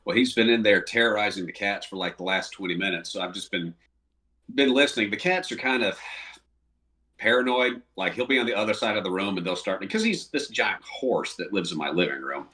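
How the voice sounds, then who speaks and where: A paramedic guest chatting in an easygoing, wry way during a podcast conversation. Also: male voice, fairly low pitch, expressive, brisk, sharp tone, distant mic. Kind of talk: casual chat.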